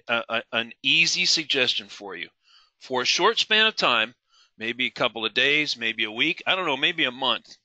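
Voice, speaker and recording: Middle-aged male webinar instructor, fairly high and very bright voice, emphatic and questioning. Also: no room sound. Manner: asks the audience questions, emphatic, repeats key words. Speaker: trading instructor. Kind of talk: live webinar teaching.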